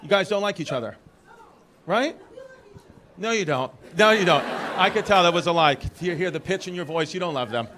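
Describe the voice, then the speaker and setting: A man's voice: high-pitched, animated, normal speed, noisy background. A man with a New York accent doing brash, teasing stand-up crowd work on a comedy club stage. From Brooklyn, New York. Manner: brash, teasing, rambling asides. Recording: live club recording with crowd laughter. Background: audience laughing.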